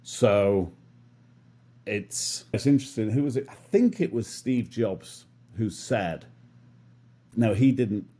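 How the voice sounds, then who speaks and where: A man's voice: fairly low pitch, expressive, slow pace, pauses often, warm tone, breathy edge. A man in his fifties, a guest in an interview, musing in a self-deprecating way as he talks through his lessons. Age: 50s. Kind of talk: reflective interview conversation.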